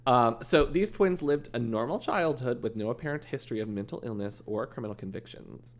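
A man's voice: mid-range voice, animated, a little fast. A man hosting a casual true-crime podcast, telling a case with jokes and acted-out quotes. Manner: joking storyteller, acts out quoted people. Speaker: podcast host.

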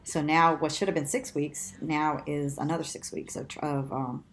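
Woman guest, low voice, chatty storyteller who laughs a lot and acts out quotes. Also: moderate pace, a little hiss or hum. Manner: animated, laughs often, acts out quotes in a much higher voice. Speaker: interview guest. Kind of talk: conversational storytelling.

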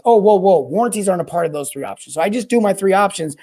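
A man hosting a solo podcast on plumbing service and sales, talking in a rambling, energetic way that often repeats and restarts words. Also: sits high, quick pace, few pauses. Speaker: podcast host.

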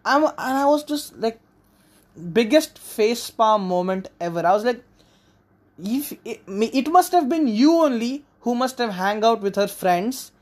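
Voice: medium pitch, lively intonation, a little slow, a little mellow. A young adult from India, hosting a casual solo podcast in a rambling, frank, sometimes profane manner. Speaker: podcast host.

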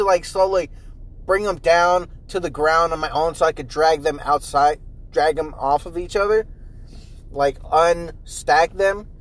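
A young man hosting a casual solo podcast from inside his car, rambling and swearing with animated, profane energy. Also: low-quality recording. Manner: animated, profane, jumps into loud high mimicry. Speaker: podcast host.

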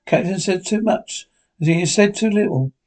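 A man voicing a calm, reasoning male doctor in a classic novel read aloud, speaking in a measured, reasonable way. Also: high-pitched.

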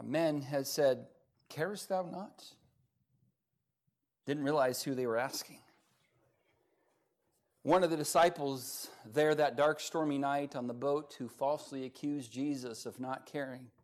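A man preaching as pastor at a church service, with folksy humor, swinging from quiet asides to loud, rising passages. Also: medium pitch, measured pace, pauses often. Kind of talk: sermon.

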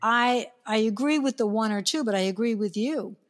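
A woman's voice: fairly high pitch, normal speed. A woman from New York leading a casual chat about kitchen design. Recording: long reverb in the room.

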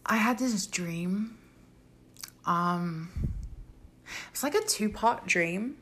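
A young woman telling a story to camera in a casual, animated way, swearing freely and acting out the voices in it. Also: extremely slow, slightly rough. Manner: acts out quoted voices with big pitch jumps. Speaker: vlogger.

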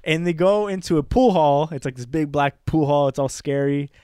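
A man co-hosting a podcast in casual chat, telling stories in an animated way and laughing often. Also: a little high, moderate pace, a little hiss or hum. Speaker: podcast co-host.

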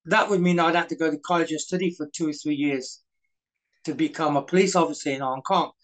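A man's voice: a little high, fairly even intonation, a little fast, fairly bright tone, low-quality recording. A middle-aged man, a guest in a casual interview, telling anecdotes full of quoted dialogue and fillers. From Britain. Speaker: guest, former stuntman.

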